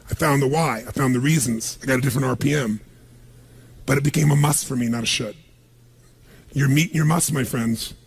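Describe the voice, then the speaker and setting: Raspy, gravelly motivational speaker. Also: male voice, fairly high pitch. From United States. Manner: emphatic, calls on the crowd to answer. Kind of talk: live seminar speech to an audience.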